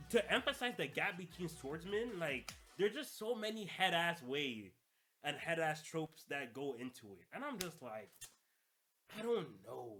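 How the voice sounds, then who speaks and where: A man's voice: fairly high pitch, pushed and bright. A young adult man hosting a podcast, talking in casual, slangy solo commentary and laughing through his rants. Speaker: podcast host.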